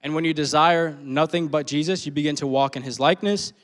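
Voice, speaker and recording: A man's voice: on the high side, steady tone, brisk. A man in his twenties telling a personal story during a sermon, casual and full of slang, laughing often. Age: 20s. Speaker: preacher.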